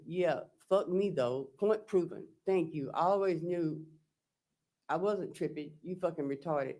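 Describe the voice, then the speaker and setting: A woman testifying as a defendant in court. She reads text messages aloud in a slow, halting, plain-spoken way, recounting each exchange with "I said" and "he said.". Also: deep voice, darkish tone.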